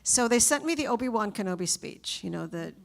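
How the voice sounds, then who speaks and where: A woman voice actor on a convention panel, telling stories in an animated, chatty way and acting out quotes. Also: mid-range voice, fairly quick, gravelly.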